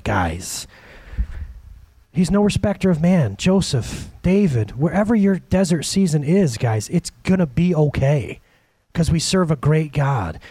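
A man in his thirties delivers a sermon with a fairly high, very lively voice. He swings between loud peaks and quiet, intimate asides. The sound is dry and close, with no room echo. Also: husky. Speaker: pastor.

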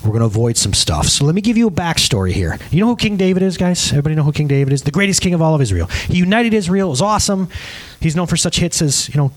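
A man's voice: on the high side, lively intonation, rapid-fire. A man preaching a sermon at a church service, casual and joking as he tells a story. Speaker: pastor.

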